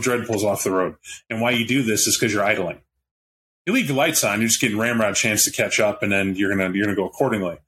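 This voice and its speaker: A man's voice: lowish voice, fairly bright tone, slight background noise. Casual, rambling game master man. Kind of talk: narrating a tabletop role-playing game.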